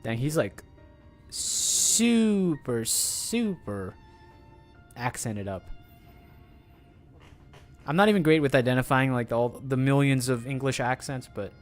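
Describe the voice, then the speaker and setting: A man's voice: medium pitch, lively intonation, takes it slowly, long pauses, soft background music. Rambling, chatty male streamer. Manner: rambling, chatty, many fillers and restarts. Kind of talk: casual gameplay commentary.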